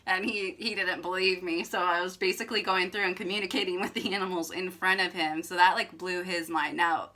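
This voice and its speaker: Bright-voiced young woman telling a story. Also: fairly low pitch, steady tone, brisk, few pauses. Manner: chatty, filler-heavy with frequent "like", emphatic. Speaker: vlogger. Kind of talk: casual storytelling to camera.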